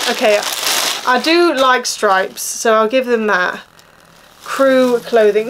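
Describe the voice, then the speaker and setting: A woman's voice: fairly high pitch, noisy background. A woman in her thirties with an Essex accent, chatting casually and complaining through a clothing haul. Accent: Essex English. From England. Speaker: vlogger.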